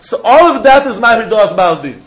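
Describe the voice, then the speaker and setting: Male Talmud teacher, high-pitched and animated, debates both sides with laughs; muffled lo-fi audio. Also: normal speed, a little hiss or hum. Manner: animated, argues back and forth, laughs often. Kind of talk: Talmud lesson, lively explanation. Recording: dull lo-fi recording.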